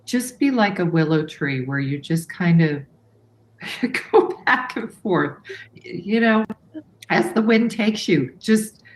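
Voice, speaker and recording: A woman chats as a guest, speaking very slowly in a soft, flowing way. Her voice sits a little low. The room around her echoes, and a faint hum of noise stays underneath. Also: animated. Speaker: show guest. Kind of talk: casual chat.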